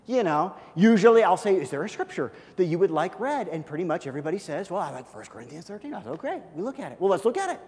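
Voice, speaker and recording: A man preaching a sermon as pastor, acting out little scenes and swinging from loud, lively bursts to quiet, hushed asides. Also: high-pitched, in a large hall. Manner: animated, acts out scenes with big swings in loudness.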